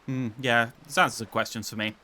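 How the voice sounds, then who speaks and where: Male gameplay host, bright and wry, casual running commentary. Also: mid-range voice, flat delivery, brisk. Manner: chatty, wry, reads game dialogue aloud. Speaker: gaming channel host.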